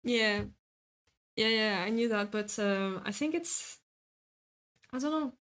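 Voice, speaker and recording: A woman's voice: medium pitch, expressive, slow pace, fairly bright tone. A woman streamer with a French accent chatting casually with viewers while drawing, hesitant and full of filler sounds, laughing often. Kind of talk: casual chat, reading and answering viewer comments while drawing.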